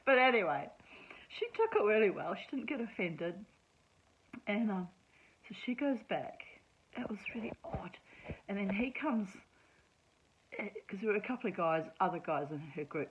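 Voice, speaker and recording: A woman's voice: on the low side, moderate pace, long pauses, husky, muffled recording. A woman telling a personal story in a casual monologue, chatty and sarcastic, laughing often. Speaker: vlogger.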